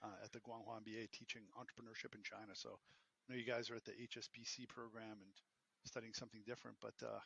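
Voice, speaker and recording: A man in his fifties with a Boston accent, a podcast guest telling stories in a joking, animated way. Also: lowish voice, quick pace, gravelly, breathy edge, low-quality recording. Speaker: podcast guest, entrepreneur and professor. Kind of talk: casual interview storytelling.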